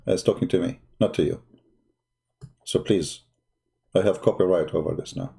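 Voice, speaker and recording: A man hosting a live stream, mocking and sarcastic, growing loud and excited as he argues. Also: low-pitched, normal speed, vocal fry. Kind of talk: live-streamed religious debate talk.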